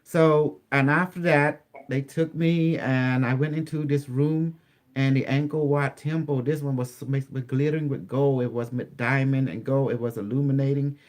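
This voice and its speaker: Halting man telling his story, English. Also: medium pitch, fairly even intonation, a little mellow. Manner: halting, repetitive storytelling with many restarts. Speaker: interview guest. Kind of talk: recounting a personal experience in an interview.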